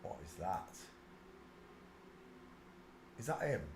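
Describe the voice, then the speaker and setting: A man's voice: on the low side, very animated, slow. A man hosting a casual live stream, mocking what he sees on screen and mumbling to himself as he searches. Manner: mocking, laughs a lot, mutters to himself. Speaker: channel host. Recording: roomy echo with faint background noise.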